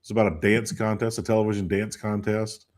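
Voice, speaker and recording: A man's voice: on the low side, level tone, brisk, a little mellow. A tired man in his fifties co-hosting a sports talk show, chatting in a rambling way and losing names mid-thought. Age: 50s. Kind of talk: casual chat.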